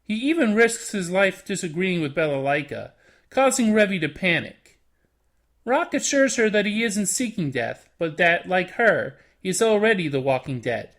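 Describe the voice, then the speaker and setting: A host narrating a scripted anime review in an expressive, animated way. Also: medium pitch, moderate pace.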